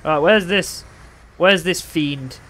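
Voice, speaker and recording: A young man casually commentating his own racing game, playful and excitable, with loud bursts of trash talk. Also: fairly high pitch, takes it slowly. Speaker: gaming commentator.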